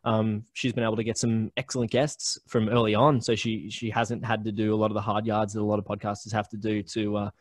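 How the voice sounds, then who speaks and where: A man's voice: fairly low pitch, flat delivery, a little fast, hardly any pauses, dry recording. Chatty Australian man, dry close sound. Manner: chatty storyteller with many fillers and restarts. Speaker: podcast network founder, guest. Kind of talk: casual interview chat. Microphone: remote call recording.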